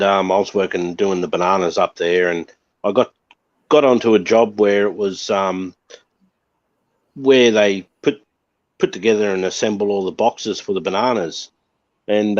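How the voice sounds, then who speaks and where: A man's voice: fairly low pitch, no echo, muffled recording. A man telling an anecdote in easygoing slang, with many ums. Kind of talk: casual storytelling.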